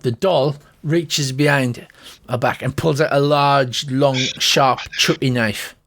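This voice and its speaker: A man's voice: medium pitch, steady tone, slow pace, noisy background. A man narrating and running a tabletop game as game master, in a rambling way full of fillers and restarts.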